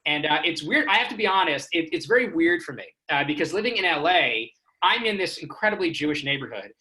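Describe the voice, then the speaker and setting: A man's voice: fairly high pitch, lively intonation, quick pace, pushed and bright, rough recording. A man from Houston, Texas doing a stand-up comedy set with self-deprecating storytelling. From Houston, Texas, United States. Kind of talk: stand-up comedy on a remote stream.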